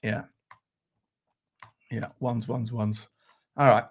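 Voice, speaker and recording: A man's voice: mid-range voice, level tone, slow. A man hosting a live fan stream, who talks bluntly with crude jokes and reads out the chat. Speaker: fan show presenter.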